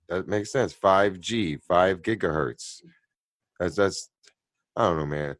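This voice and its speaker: Speaking slowly in a low, creaky voice with no room sound, a man co-hosting a casual chat rants profanely about a video. His reactions swell into loud outbursts.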